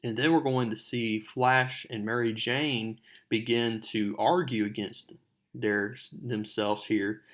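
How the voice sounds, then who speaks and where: A young adult man hosting his own show, recapping a comic book in a relaxed, chatty way with fillers. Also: medium pitch, slow pace.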